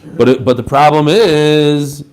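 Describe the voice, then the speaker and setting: A man teaching a lively Talmud class, mixing in Hebrew and Aramaic terms and acting out the rabbis' answers. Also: fairly high pitch, a little slow. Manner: animated, mixes Hebrew and Aramaic terms, acts out quoted answers.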